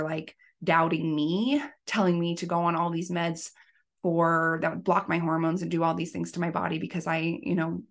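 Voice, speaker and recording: A woman's voice: fairly low pitch, vocal fry. A woman in her thirties, a life coach and podcast host, telling a personal story in an earnest, emotional way. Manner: emotional, earnest, tearful at times. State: pregnant.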